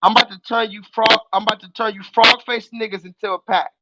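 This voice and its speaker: A young adult man hosting a live call-in stream, ranting loudly and profanely at the chat and mocking his target. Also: high voice, flat delivery, fast, heavy background noise. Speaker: livestream host.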